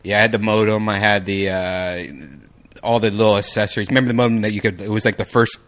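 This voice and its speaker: A man co-hosting a podcast, laid-back and quick to agree. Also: fairly low pitch, little pitch movement, fairly bright tone. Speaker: podcast co-host. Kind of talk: casual chat. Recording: faint music behind.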